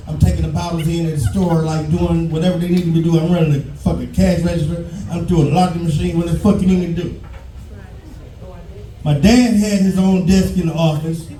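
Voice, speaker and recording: A high-pitched, mellow-toned man in his fifties from Detroit tells a loud, cursing stand-up story to a live crowd. He is recorded in an echoey room from some distance off the mic. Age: 50s. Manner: loud, profane storytelling, breaks into shouts and laughter. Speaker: stand-up comedian. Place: live show stage with audience.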